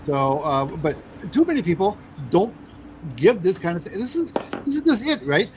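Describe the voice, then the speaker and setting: A man hosting a podcast interview, talking haltingly with many fillers. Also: sits high, very animated, noisy background. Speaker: podcast host.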